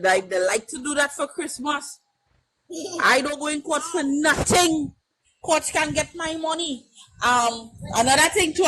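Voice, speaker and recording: A woman with a Trinidadian accent calls into a live-stream panel, speaking with passion and emphasis, repeating her points and asking again and again if you understand. Her voice is on the high side and a bit bright, in a rough recording with slight background noise.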